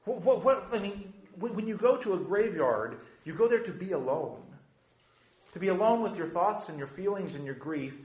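A man's voice: sits high, expressive, normal speed, a little mellow, roomy sound, poor audio. A male pastor preaching a conversational sermon who acts out the quotes he tells.

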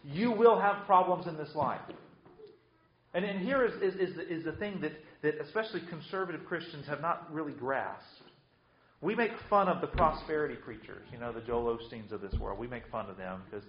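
A man's voice: a little high, lively intonation, normal speed, echoey room, muffled recording. A man preaching a sermon with emphatic delivery, often repeating words as he restarts. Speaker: pastor.

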